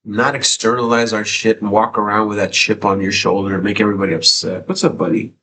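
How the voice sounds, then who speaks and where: A man's voice: lowish voice, level tone, fast talker, bright, forceful tone, slight background noise. Tearful male streamer, emotional and repetitive. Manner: emotional, swearing, repeats himself. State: tearful, sniffling. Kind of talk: casual live stream chat.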